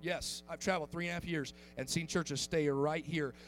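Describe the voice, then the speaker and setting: A man preaching a fervent sermon, repeating his phrases and often starting lines with "uh", moving from quiet asides to loud calls. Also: fairly even intonation, moderate pace, a little hiss or hum, poor audio. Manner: fervent, repetitive, filler "uh" before lines, swings from low asides to shouting.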